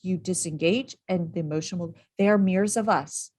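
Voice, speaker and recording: Give me an animated woman coach with a lowish voice, chatting fast about parenting. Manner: animated, quick, acts out quoted lines. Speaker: parenting and school behavior coach. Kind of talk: casual interview talk.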